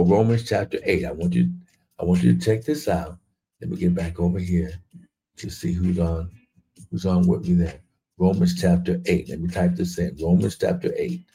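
A man's voice: deep voice, creaky, mellow. A man preaching a livestreamed sermon, fervent and repetitive, reading scripture and breaking into rising exclamations.

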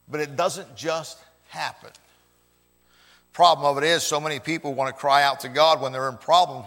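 A man preaching a sermon as pastor, swelling loud for emphasis and then dropping low. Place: church. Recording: echoey church hall.

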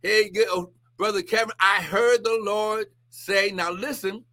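High, bright-voiced man preaching with shouts. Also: fairly even intonation, measured pace. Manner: exclaims often, swings between shouts and hushed asides. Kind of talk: live-streamed prophetic ministry. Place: live online stream.

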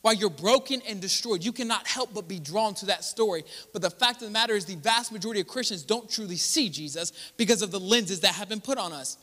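A man's voice: high-pitched, fast, few pauses, sharp tone, long reverb tail. A young male pastor, preaching a conversational sermon in a church, acting out quoted voices and talking straight to the congregation. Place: church sanctuary.

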